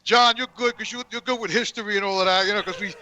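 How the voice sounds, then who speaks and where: A man's voice: sits high, steady tone, fast, bright, forceful tone. A man telling a crude comic story outdoors, profane and stammering over his words. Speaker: guest calling in. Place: outdoors on a work job.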